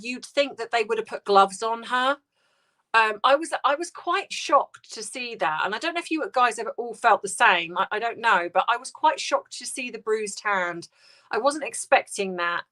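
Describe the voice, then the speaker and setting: A woman hosting a casual livestream, reading out viewer comments and answering in a soft, hesitant, sympathetic way with many restarts. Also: on the high side. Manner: sympathetic, tender replies to viewers.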